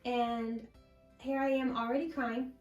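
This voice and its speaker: A woman guest sharing a personal faith testimony in an interview, telling her story slowly and from the heart. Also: a little high, flat delivery, echoey room, dull audio, soft background music. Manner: slow, heartfelt storytelling with many pauses.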